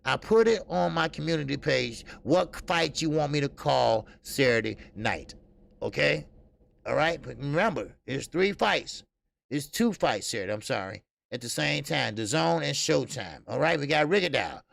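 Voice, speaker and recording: A man's voice: on the high side, animated, normal speed, gravelly, fairly bright tone. A middle-aged man hosting a boxing show in loose, profane, joking casual chat, full of filler sounds. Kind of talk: casual live-stream chat.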